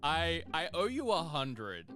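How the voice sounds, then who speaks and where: A man's voice: fairly high pitch, wildly swooping pitch, slow, bright, forceful tone, soft background music. A man co-hosting a casual podcast, laughing often and teasing his guest playfully. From Australia. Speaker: podcast co-host.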